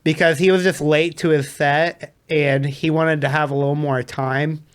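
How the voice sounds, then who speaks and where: A man, a DJ, telling a story in a casual, animated way and laughing often. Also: on the high side, moderate pace, clear, resonant tone. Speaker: DJ guest.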